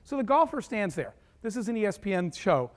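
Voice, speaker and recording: A man with a high, light voice telling a personal story to a live audience. He is animated and acts out each person he quotes as he goes. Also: brisk. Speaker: keynote speaker. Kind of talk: storytelling talk.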